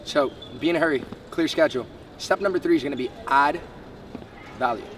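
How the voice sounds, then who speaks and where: A man's voice: fairly high pitch, a bit bright. A young man from the Bahamas giving emphatic, step-by-step motivational sales coaching. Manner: brisk, emphatic, lays out numbered steps. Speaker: sales trainer. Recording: distant mic, faint street noise.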